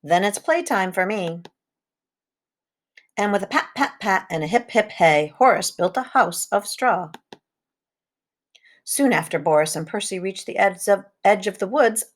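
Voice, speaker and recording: A woman reading a children's storybook aloud, with lively sound effects and rhythmic repetitions. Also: mid-range voice, normal speed.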